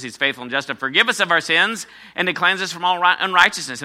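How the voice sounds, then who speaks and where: Male pastor, sermon delivery, emphatic, slightly high and sharp-toned voice. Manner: emphatic preaching, repeating key phrases.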